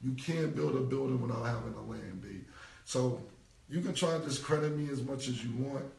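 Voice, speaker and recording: Gravelly New man, forty, blunt. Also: mid-range voice, normal speed, a little mellow. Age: 40s. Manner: blunt, repetitive, slangy. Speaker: interview guest. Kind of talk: casual interview talk. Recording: roomy, distant from the mic.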